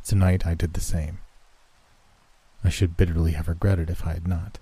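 A man's voice: sits low, little pitch movement, moderate pace, dark tone, slightly rough. A man reading the part of a troubled doctor who pleads earnestly with his friend.

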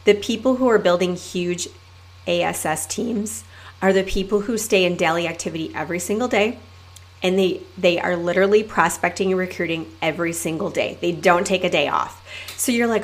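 A woman's voice: on the low side, brisk. Peppy woman coaching her listeners. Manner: peppy and emphatic, addresses listeners as "you guys". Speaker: podcast host and network marketing coach. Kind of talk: energetic solo podcast coaching talk.

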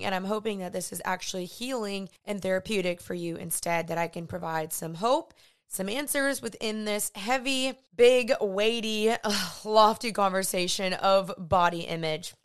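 A woman's voice: medium pitch, fairly bright tone, clear, resonant tone. A young woman hosting her podcast, chatty and earnest, saying y'all. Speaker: podcast host. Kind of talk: casual podcast monologue.

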